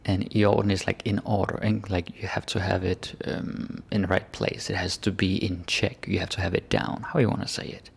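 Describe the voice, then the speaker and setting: Male language teacher, gravelly low voice, laid-back explainer who slows down for the key phrases. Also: flat delivery. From Denmark. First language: Danish. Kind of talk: casual language lesson.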